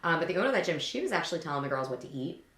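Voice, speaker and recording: A woman's voice: low voice, rapid-fire, roomy sound. A middle-aged woman co-hosting a podcast, telling stories in casual chat and acting out the voices in quotes. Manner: animated storytelling, acts out voices in quotes. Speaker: podcast co-host.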